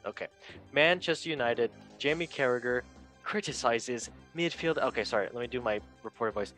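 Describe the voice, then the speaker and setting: A man's voice: medium pitch, brisk, fairly bright tone, no room sound, faint music behind. A man hosting a casual football podcast, joking and asking each guest for a word in turn. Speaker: podcast host. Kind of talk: casual chat.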